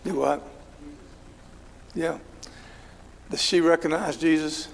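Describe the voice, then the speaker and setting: A man leads an informal Bible study in a church hall, speaking conversationally, asking his class questions, and using many fillers. His voice sits on the high side and is creaky, with fairly even intonation and a slow pace. The recording is rough, with a big-room sound and slight background noise.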